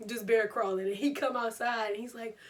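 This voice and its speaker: A young woman, telling a storytime vlog in an animated, laughing way. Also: on the high side, fairly quick, recorded from a distance. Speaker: vlogger.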